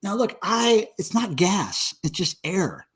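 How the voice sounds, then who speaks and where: A man's voice: high-pitched, big pitch swings, slow pace, fairly bright tone, breathy edge. A man in his forties hosting a casual livestream, drinking beer and joking crudely with viewers in the chat. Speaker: livestream host.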